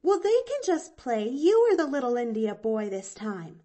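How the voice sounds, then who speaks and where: A woman's voice: a little high, very animated, moderate pace, mellow, voice pushed up. Pollyanna, a woman doing an eager little girl. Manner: eager, rambling, breathless chatter. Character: cheerful chattering little girl.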